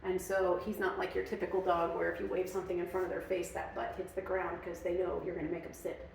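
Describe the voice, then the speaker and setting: A woman's voice: fairly low pitch, flat delivery, quick pace, vocal fry, distant mic, a little hiss or hum. A woman dog trainer explaining her methods in a casual, chatty way, with many fillers. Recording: very echoey room, off-mic.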